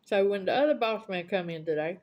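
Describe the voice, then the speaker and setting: A woman's voice: mid-range voice, darkish tone. A woman with a Southern US accent, chatting casually as a vlogger and bluntly retelling an argument, quoting both sides. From United States. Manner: blunt, indignant, retells arguments with quoted dialogue. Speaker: mukbang vlogger. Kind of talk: casual storytelling chat.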